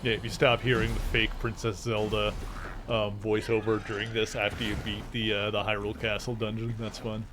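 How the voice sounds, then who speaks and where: A man's voice: fairly low pitch, flat delivery, fairly quick, background noise. A man streaming a video game, chatting casually and playfully to his viewers and his cat. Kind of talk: casual gameplay commentary.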